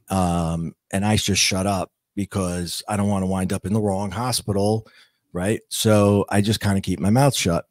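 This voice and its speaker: In a clean, echo-free studio recording, a male podcast guest tells the personal story of nearly dying. He sounds earnest and reflective, pausing and restarting as he searches for words, in a low voice with fairly even intonation at normal speed.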